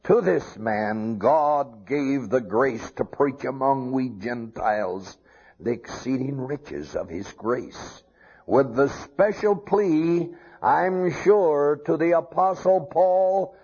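A man's voice: medium pitch, expressive, slow, darkish tone, slightly rough. A man preaching a sermon, quoting scripture and rising to emphatic peaks. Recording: dull lo-fi recording.

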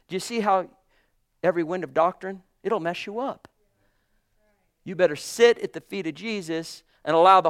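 Fervent high-voiced male preacher. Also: no room sound, studio quality. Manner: fervent, emphatic preaching with rising exclamations. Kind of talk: sermon.

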